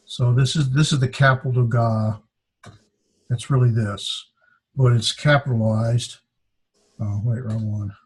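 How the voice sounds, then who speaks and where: A man teaching a classroom lesson, speaking haltingly and sounding words out syllable by syllable. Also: mid-range voice, fairly even intonation, breathy edge. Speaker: Greek teacher.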